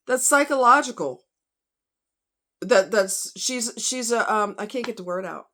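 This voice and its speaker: A woman hosts a casual true crime vlog, speaking bluntly and heatedly to her viewers, whom she calls y'all and honey. Her voice is a little high, animated, pushed and bright, and she talks a little slowly. She comes across as outspoken and fired-up.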